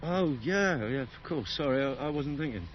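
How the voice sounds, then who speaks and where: A flustered, hesitant father , played by a man, whose voice rises and falls in lively swings. The sound is a little dull, with faint noise. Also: mid-range voice, moderate pace, close to an everyday voice.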